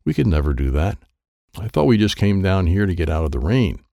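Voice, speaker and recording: A man's voice: low voice, very animated, fairly quick, creaky, warm tone, no echo, clean studio sound, heavily acted. A man voicing a curious, earnest young girl.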